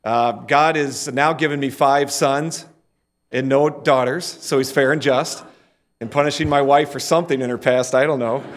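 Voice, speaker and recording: A man's voice: mid-range voice, fairly even intonation, normal speed. A middle-aged man preaching a sermon and leading the congregation in call-and-response. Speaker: pastor.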